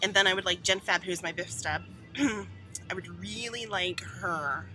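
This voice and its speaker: A woman's voice: on the low side, unhurried, bright, forceful tone, soft background music. A woman vlogging outdoors to her camera in a casual chat, swearing, squealing and laughing nervously.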